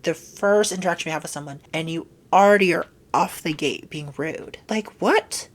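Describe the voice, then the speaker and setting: Woman vlogger, casual rant, lowish voice, exasperated, swears a lot. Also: fairly quick. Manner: exasperated, animated, swears freely. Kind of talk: casual ranting monologue.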